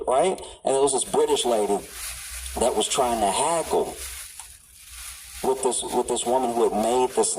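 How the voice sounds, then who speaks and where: Guy doing stand-up, riffs and rants, mid pitch, kinda far off the mic. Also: a little mellow, a little hiss or hum. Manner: riffing storyteller, builds into exasperated rants. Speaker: stand-up comedian. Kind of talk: stand-up comedy set.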